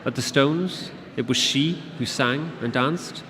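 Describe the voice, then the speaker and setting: A man's voice: mid-range voice, slow, a bit bright, pitched above the performer's own voice. A man voicing a graceful, aloof female fae creature who speaks in a lilting, archaic way, recorded in a roomy hall with an audience. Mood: curious, detached. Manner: lilting, archaic, curious then hissing.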